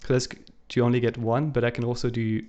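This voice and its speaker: A man's voice: mid-range voice, little pitch movement, fast, darkish tone, muffled recording. Man, live stream co-host, casual coding walkthrough, thinks aloud, keyboard clicks behind. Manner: thinks aloud while typing, with frequent fillers. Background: keyboard typing and clicking.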